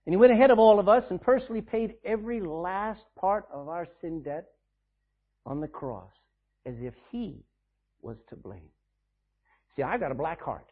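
Man preaching to his church, fairly high voice, sounds thin like over a phone, gets loud then drops soft. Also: animated, phone-quality sound. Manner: preaching with emphatic swings in volume, reading scripture slowly. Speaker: pastor. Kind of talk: sermon. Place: church sanctuary.

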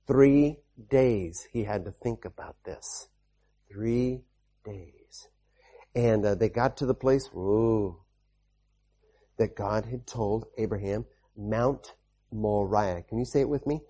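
Husky-voiced man preaching to children. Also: on the low side, slow pace, long pauses. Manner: animated, repetitive, with call-and-response amens. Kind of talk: children's sermon storytelling.

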